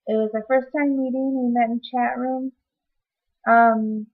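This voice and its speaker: A young woman giving a casual personal update vlog, chatty and rambling, with many ums. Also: on the high side. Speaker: vlogger. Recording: slightly dull lo-fi webcam audio.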